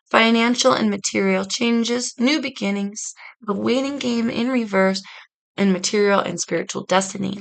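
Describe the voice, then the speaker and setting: A woman's voice: mid-range voice, vocal fry, poor audio. A woman reading tarot cards for her viewers in a casual, earnest, reflective way, speaking straight to them. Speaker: tarot reader.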